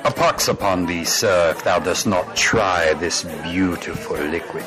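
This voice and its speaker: A man's voice: deep voice, measured pace, over music. A man putting on a pompous, tipsy mock-Shakespearean voice. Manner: pompous, theatrical. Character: drunken man speaking mock-Shakespearean English.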